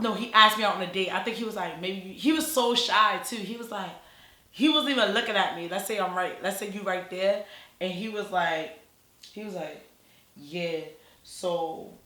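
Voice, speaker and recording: Woman vlogger, casual storytime, blunt and profane, bright tone, roomy echo. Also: medium pitch, normal speed.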